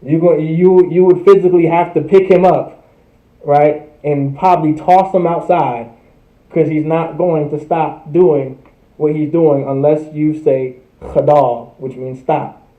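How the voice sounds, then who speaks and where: A man's voice: fairly high pitch, fairly even intonation, a little slow. A young man teaching a livestreamed language class, repeating words over and over in a casual, conversational way. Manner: repetitive drilling, casual conversational asides. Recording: tinny phone-like audio in an echoey room.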